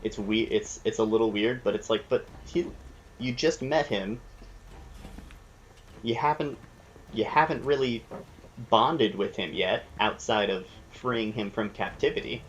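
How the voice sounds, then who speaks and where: A man's voice: lowish voice, measured pace, highs cut off, slight background noise. A man hosting a gameplay video, chatting casually and explaining the game's mechanics as he thinks aloud. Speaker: let's play host.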